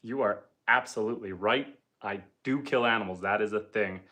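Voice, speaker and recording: Sitting by the wood stove at home, this Canadian host runs a relaxed homestead livestream, reading out viewer comments and filling pauses with plenty of ums and uhs. He speaks at a moderate pace in a lower, sharp-toned voice.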